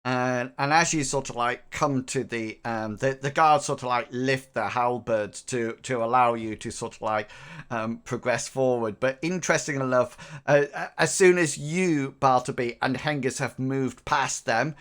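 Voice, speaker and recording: A man's voice: medium pitch, unhurried, a bit bright, smooth. A man narrating a tabletop role-playing game as game master, rambling and hesitant, laughing often.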